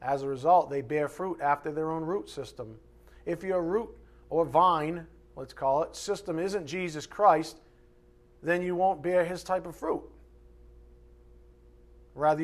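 A man delivers an expository sermon with a fairly high voice, animated throughout, shouting to stress points and mimicking his opponents mockingly.

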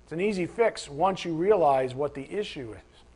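A man's voice: a little high, expressive, moderate pace, darkish tone, slightly rough. A man preaching a sermon in a conversational, emphatic way, acting out imagined voices of his listeners.

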